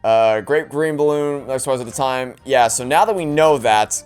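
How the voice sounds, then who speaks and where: A man's voice: mid-range voice, normal speed, a little mellow, clean tone, soft background music. A man casually commenting on a game playthrough in a rambling, self-deprecating way. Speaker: let's play host.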